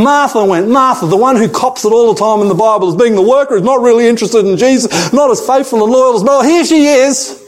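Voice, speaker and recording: An older man preaching a sermon, emphatic and repeating his key phrases. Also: high voice. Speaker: pastor.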